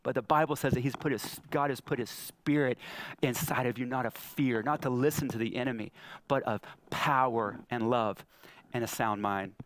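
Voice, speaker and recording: A man in his thirties preaching a sermon, telling stories and acting out the lines he quotes. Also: normal speed. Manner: storytelling, acts out quotes with big pitch jumps. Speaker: pastor. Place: church hall.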